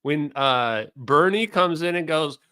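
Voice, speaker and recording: A man's voice: on the high side, lively intonation, takes it slowly, bright, forceful tone, smooth. A man hosting a livestream, reacting to a clip in a mocking, profane way and talking to his chat. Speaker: streamer host.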